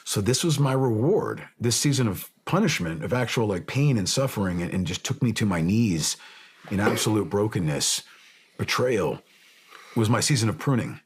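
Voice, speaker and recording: A man's voice: on the low side, lively intonation, moderate pace, slight background noise. A man in his forties, a Navy officer, speaking earnestly about faith and forgiveness in a podcast interview, building to impassioned emphasis at times. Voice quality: very smooth, resonant. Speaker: podcast guest, Navy SEAL captain.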